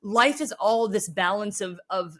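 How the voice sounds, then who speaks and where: In a relaxed podcast conversation, a woman talks in an animated, unhurried way at a mid-range pitch. She's earnest and emotionally open, her speech full of "like" fillers.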